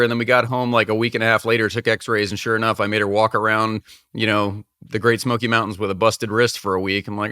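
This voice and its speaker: A man's voice: lowish voice, little pitch movement, quick pace, sharp tone, no room sound, studio quality. A man on a podcast chatting candidly and laughing at his own mistakes. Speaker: podcast guest. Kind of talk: casual podcast chat.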